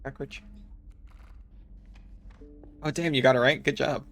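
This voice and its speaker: Joking streamer, faint music behind. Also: male voice, medium pitch, steady tone, unhurried, vocal fry, a bit bright. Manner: joking, chatting with viewers between game lines. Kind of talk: casual gameplay commentary.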